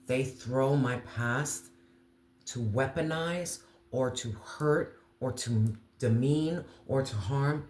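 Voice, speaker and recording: Guy doing a heartfelt tarot reading, medium pitch, roomy echo and a little hiss behind. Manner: earnest, emotional, slow deliberate emphasis. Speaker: tarot reader.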